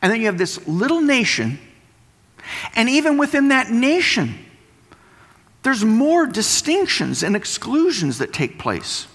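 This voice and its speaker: A man's voice: very high-pitched, huge pitch swings, a little slow, a bit bright. A man preaching a sermon, explaining and repeating points for emphasis. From West Texas. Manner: explanatory, emphatic teaching with repetition. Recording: long hall reverb.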